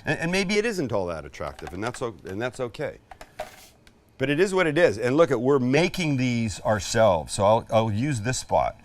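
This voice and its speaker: A man's voice: medium pitch, big pitch swings, normal speed, recorded from a distance, a little hiss or hum. A middle-aged man hosting a casual cooking demonstration in his backyard, chatty, jokey and emphatic. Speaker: cooking show host. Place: outdoor backyard kitchen.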